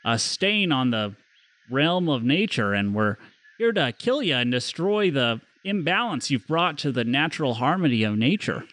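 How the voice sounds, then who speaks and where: A man's voice: a little high, a bit bright, no echo. A man voicing a laid-back male elf druid leader who apologizes while threatening to kill, in a put-on folksy accent that sounds like a mock Canadian. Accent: Great Forest accent, like a put-on Canadian. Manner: drawling, folksy, casually apologetic.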